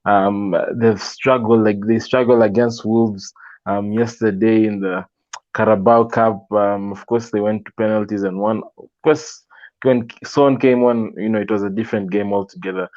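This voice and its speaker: Low-voiced laughing football pundit man. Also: fairly even intonation, moderate pace, a little mellow, no room sound, muffled recording. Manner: laughing, confident, trash-talking predictions. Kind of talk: casual panel chat.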